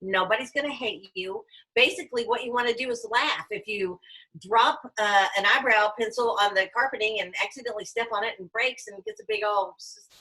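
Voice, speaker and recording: A woman with a bright, forward tone and a husky edge speaks over a video call. She coaches in an earnest, emphatic way and builds each point through examples. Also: fairly high pitch, expressive, fairly quick, rough recording. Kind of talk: motivational sales talk on a video call.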